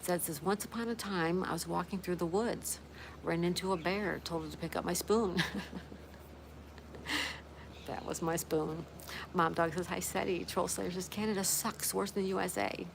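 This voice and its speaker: Woman livestream host, low-pitched, friendly chat-reader, steady outdoor noise behind her. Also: moderate pace, creaky. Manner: friendly, greets viewers by name one after another. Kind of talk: casual chat, reading viewer comments aloud.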